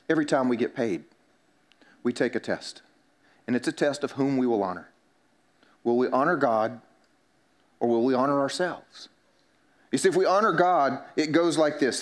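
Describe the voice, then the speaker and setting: A man's voice: mid-range voice, animated, moderate pace, long pauses. A male pastor preaching a sermon in a conversational way, joking with the congregation and acting out little everyday dialogues.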